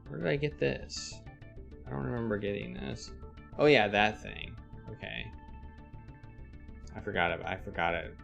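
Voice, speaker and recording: A man's voice: lowish voice, moderate pace, gravelly, pauses often, fairly bright tone. A man streaming a live text adventure, thinking aloud, reading the game text and greeting his chat. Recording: faint music behind.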